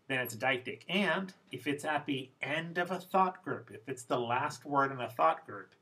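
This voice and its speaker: A man's voice: a little high, sharp tone, low-quality recording. A man teaching English pronunciation in a recorded lesson, explaining patiently and step by step.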